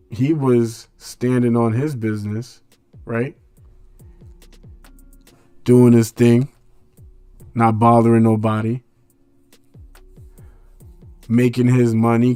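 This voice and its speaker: A man's voice: medium pitch, dark tone, no room sound. A man hosting a radio show, delivering a blunt casual monologue in street slang full of rhetorical questions.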